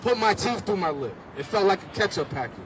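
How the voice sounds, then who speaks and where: A man with a notably high voice gives impassioned personal testimony outdoors on a city street, telling his story vividly and pressing each point with emphasis. Faint traffic hum sits underneath. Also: big pitch swings, brisk. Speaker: speaker at a street march.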